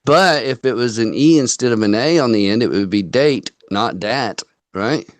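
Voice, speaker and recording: A man's voice: mid-range voice, a little fast, no echo. A man co-hosting a casual online talk show, teasing and joking with his guest. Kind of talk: casual chat. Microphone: webcam microphone, off camera.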